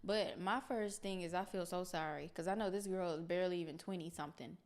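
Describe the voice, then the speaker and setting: A woman's voice: on the low side, fairly quick. Earnest woman reacting to a clip. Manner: earnest, speaks plainly to viewers. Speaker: reaction video host. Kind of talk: casual commentary.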